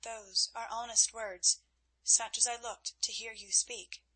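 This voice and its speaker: A woman reading the lines of a stern but gentle young noblewoman in an audiobook, measured and grave. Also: fairly high pitch, breathy edge, rough recording.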